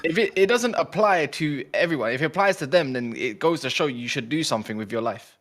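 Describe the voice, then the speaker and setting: A man's voice: on the high side, lively intonation, fairly bright tone. A man, co-hosting a casual football chat, ranting in a long stream of talk. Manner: fast, ranting. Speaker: podcast co-host.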